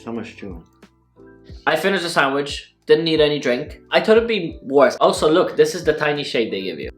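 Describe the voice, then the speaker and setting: Over soft background music, a male food vlogger chats through his casual mukbang with his mouth full, wry and sarcastic. His voice runs a little high, and he's animated and a bit quick.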